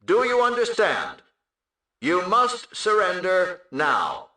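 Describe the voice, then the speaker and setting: An actor voicing a stern male police negotiator booming commands over a loudspeaker. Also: huge pitch swings, slow, very echoey, heavily acted. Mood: commanding. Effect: amplified loudspeaker.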